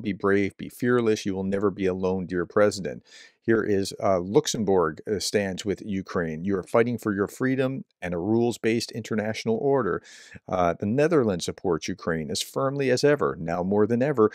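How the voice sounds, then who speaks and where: A man commenting on news clips, who breaks in with startled reactions and then reads statements aloud in a calm, steady voice. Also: deep voice, dry recording, studio quality. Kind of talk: casual commentary.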